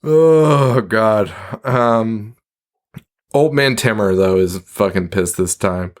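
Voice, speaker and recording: A man's voice: on the low side, slow pace. A man co-hosting a podcast, recapping a movie in casual chat, swearing often, laughing a lot and acting out lines from the film. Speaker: podcast co-host.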